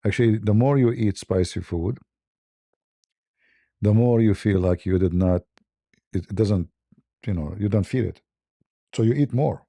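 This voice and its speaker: Gravelly dark-voiced man chuckling through a story. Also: on the low side, unhurried, pauses often, no echo, studio quality. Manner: chuckling, broken English, many restarts. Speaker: host. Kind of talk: casual storytelling on a live stream.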